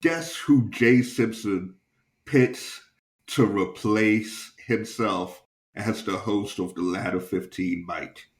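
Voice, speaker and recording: A man's voice: fairly low pitch, takes it slowly, roomy sound. A young man and stand-up comedian, hosting a podcast and telling a profane anecdote in a casual, chuckling way.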